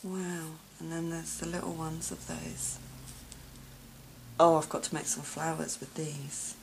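A woman filming a craft gift unboxing vlog, gushing and gasping with delight and often dropping to a soft whisper. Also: low-pitched, level tone, unhurried, gravelly, a little hiss or hum, low-quality recording. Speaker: craft vlogger.

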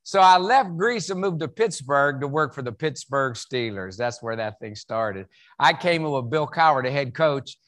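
In an event hall, a Southern-accented man from West Virginia gives a lighthearted motivational keynote, folksy and full of jokes. His voice is medium in pitch and a bit bright, with lively intonation at a normal speed.

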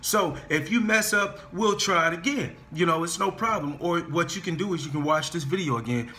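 A man teaching a singing lesson, talking his students through warm-up scales and encouraging them, often stopping to repeat himself and say "okay?" and "guys". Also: a little high, brisk. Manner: restarts and stammers while explaining.

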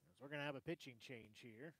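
A man calling softball play-by-play for a sports broadcast in a brisk, conversational manner. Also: mid-range voice, breathy edge, low-quality recording. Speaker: play-by-play announcer.

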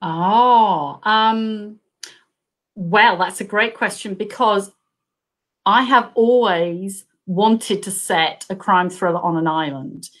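A woman from Australia who writes crime thrillers, telling an animated story on a video call, laughing often and acting out what people said. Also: medium pitch, takes it slowly. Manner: acts out quoted voices. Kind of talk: live video chat interview.

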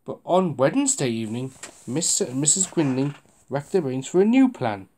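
A reader narrating a children's picture book aloud, slowing down for suspense and adding asides to the listener. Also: medium pitch, sing-song, mellow.

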